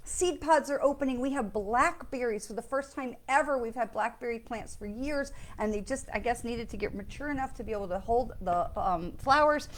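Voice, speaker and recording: Chatty woman with a higher voice. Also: moderate pace, hardly any pauses. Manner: chatty and enthusiastic, checking in with listeners. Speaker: psychic medium hosting a weekly live. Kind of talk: casual spiritual talk with card readings.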